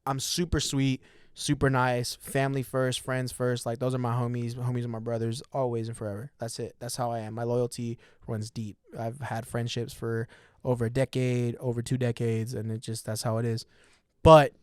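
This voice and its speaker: A man's voice: mid-range voice, normal speed, clean tone, no room sound, studio quality. A man in his twenties, a podcast guest, telling stories in casual, profane chat and laughing often. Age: 20s. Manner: profane, laughing, animated storytelling. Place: podcast studio.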